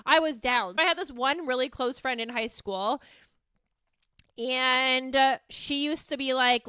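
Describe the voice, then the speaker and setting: Woman, high voice, crisp, dry close sound, casual storytelling, candid, swears freely. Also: moderate pace, bright, forceful tone, no echo. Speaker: podcast host.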